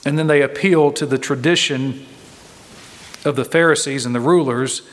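A man's voice: fairly high pitch, normal speed. Earnest preacher man in a reverberant hall. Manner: earnest, emphatic, repeats phrases for stress. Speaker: pastor. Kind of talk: expository sermon. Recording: long reverb from a large hall.

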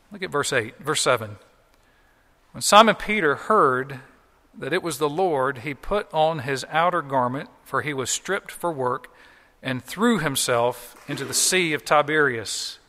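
A man's voice: on the high side, sharp tone, in a large hall. A man preaching a sermon as pastor, explaining scripture in a conversational way and acting out quoted lines.

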